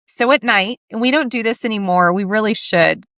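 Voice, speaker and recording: A woman's voice: medium pitch, brisk, fairly bright tone, no echo, clean studio sound. A middle-aged woman hosting a podcast interview, talking earnestly and telling stories with quoted dialogue. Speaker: podcast host. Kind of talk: casual interview chat.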